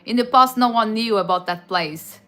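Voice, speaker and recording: A woman's voice: on the high side, moderate pace, fairly bright tone, faint music behind. A woman from Madeira with a Portuguese accent, chatting casually on a stream and answering viewers' questions, with frequent restarts. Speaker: livestream host answering chat. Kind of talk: casual chat.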